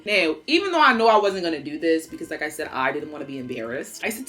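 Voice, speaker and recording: Young woman telling a storytime, super lively swooping voice, cusses a lot. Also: mid-range voice, fast talker, few pauses, soft background music. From Baltimore. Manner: animated, dramatic storytelling with swearing. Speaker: storytime vlogger. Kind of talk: casual storytime.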